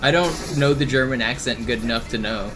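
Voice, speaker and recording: A man's voice: medium pitch, a little fast. A man streaming a game speedrun, chatting casually with viewers and thinking aloud about tricks. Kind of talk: casual live-stream commentary. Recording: voice over game audio with music.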